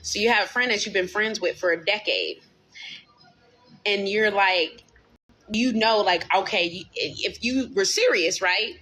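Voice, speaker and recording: Bright-voiced woman in her thirties, venting. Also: medium pitch, a little slow, breathy edge, faint music behind. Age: 30s. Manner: candid, profane, venting, asks chat for opinions. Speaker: livestream host. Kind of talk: casual storytelling to a live chat.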